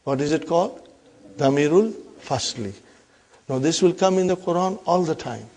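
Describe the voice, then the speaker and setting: A man's voice: a little high, expressive, moderate pace, a little mellow. A man teaching an Arabic grammar lesson, explaining step by step, repeating key terms and often asking the class if they follow. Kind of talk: classroom lecture.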